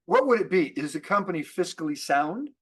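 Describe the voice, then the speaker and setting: A man with a high-pitched voice delivers an upbeat business training. He fires off rhetorical questions and often stumbles and restarts, repeating key words for emphasis. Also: a little fast, husky. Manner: energetic, repetitive, with rhetorical questions and frequent restarts. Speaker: network marketing trainer. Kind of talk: motivational business training talk.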